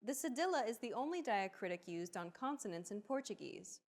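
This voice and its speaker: A woman's voice: fairly high pitch, big pitch swings, fairly quick, a little mellow. Woman reading lesson explanations. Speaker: lesson narrator. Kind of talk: scripted lesson narration.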